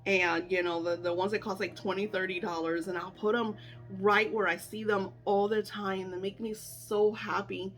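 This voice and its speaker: A woman's voice: mid-range voice, moderate pace. Chatty woman spiritual coach over faint music. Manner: animated, chatty, lots of fillers and quoted self-talk. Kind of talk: casual teaching chat.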